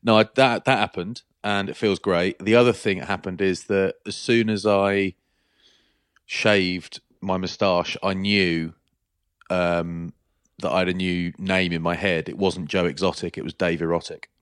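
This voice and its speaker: A man's voice: deep voice, measured pace, smooth, no room sound. Chatty man, dry close sound. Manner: chatty storyteller, animated anecdotes. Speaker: podcast co-host. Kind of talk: casual chat.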